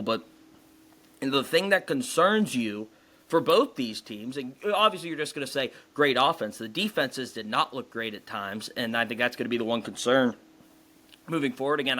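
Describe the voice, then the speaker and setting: A man's voice: medium pitch, sharp tone. A man co-hosting a sports podcast, chatting casually in long, rambling runs. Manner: talkative, rambling. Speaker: podcast co-host.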